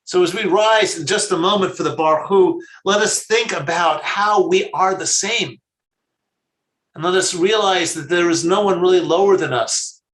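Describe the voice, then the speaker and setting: Rabbi guy, pretty high voice, telling a sermon story slow and steady, echoey room.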